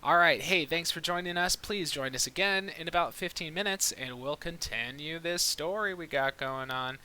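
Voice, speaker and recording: Bright-voiced man narrating a tabletop game. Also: on the high side, normal speed, smooth, low-quality recording. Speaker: game master.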